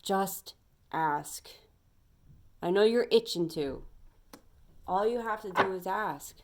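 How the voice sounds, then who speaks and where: A woman's voice: mid-range voice, takes it slowly, darkish tone. A young adult woman giving an earnest, emphatic pep talk as a tarot reader, rambling a little as she goes.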